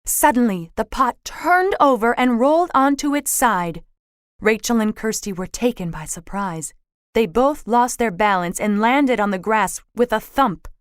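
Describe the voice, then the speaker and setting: A woman reading a children's storybook aloud, slow and expressive. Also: on the high side, clean tone, no room sound, studio quality.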